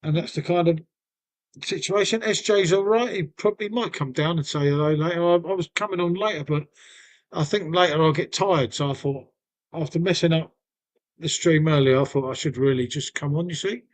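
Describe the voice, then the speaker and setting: A man's voice: fairly high pitch, fairly quick. A man chatting casually on his live stream, rambling and calling viewers mate.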